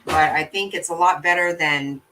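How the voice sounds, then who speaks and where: A woman's voice: low voice, moderate pace, sharp tone, distant mic, low-quality recording. A woman hosting a live stream, chatting casually with her viewers in a blunt, profane way and laughing easily. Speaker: livestream host. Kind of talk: casual chat reacting to viewer comments.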